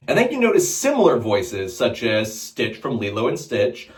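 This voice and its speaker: A man's voice: mid-range voice, wildly swooping pitch, moderate pace, hardly any pauses. A man hosting his channel, chatting casually with rambling asides between his impressions.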